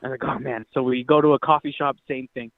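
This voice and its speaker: A man's voice: mid-range voice, steady tone, fast, no echo. A young man calling in from Utah, telling his story in a rambling, casual way with lots of fillers and swearing. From Utah, United States. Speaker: caller. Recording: tinny dry phone line.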